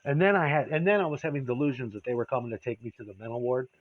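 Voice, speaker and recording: A man's voice: medium pitch, racing, no room sound, dull audio. A man telling a candid, rambling personal story, profane and confessional.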